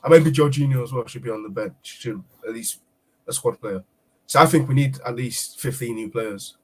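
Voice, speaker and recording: Man, husky voice, hesitant, casual football chat. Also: medium pitch, moderate pace. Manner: hesitant, many ums. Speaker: panelist.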